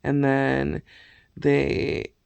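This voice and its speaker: Gravelly-voiced man ranting about movies. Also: mid-range voice, completely flat delivery, drawn-out words, darkish tone, no room sound. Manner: heavy swearing, rambling retelling of plots. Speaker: vlogger reviewing movies. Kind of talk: casual rant.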